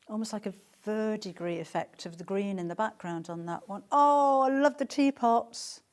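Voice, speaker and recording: A woman's voice: medium pitch, a little mellow. Woman, middle-aged, live shopping presenter, chatty, gushing. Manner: chatty, gushing, reads out viewer comments.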